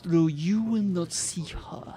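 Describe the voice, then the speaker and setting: A woman voicing a brooding, vengeful man who is a dark double, speaking slowly and theatrically in a lowered voice. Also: soft background music. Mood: menacing. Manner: slow, menacing, theatrical.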